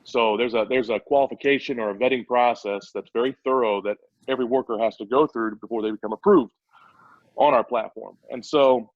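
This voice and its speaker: A man's voice: medium pitch, brisk, no room sound. Man, startup CEO guest, eager, long explanations, lo-fi audio, dry. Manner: eager, explains at length with many restarts. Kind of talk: casual interview talk.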